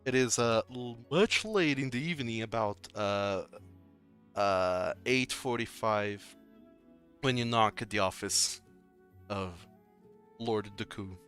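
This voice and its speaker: A man running a tabletop game as game master, narrating scenes in an unhurried way. His voice is fairly low with a bright, sharp edge. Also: smooth, faint music behind.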